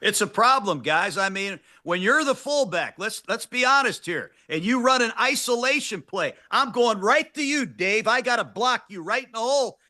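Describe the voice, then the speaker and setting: A man's voice: high voice, animated, normal speed, few pauses, pushed and bright. An older man co-hosting a sports talk show, breaking down football with emphatic coach-like analysis.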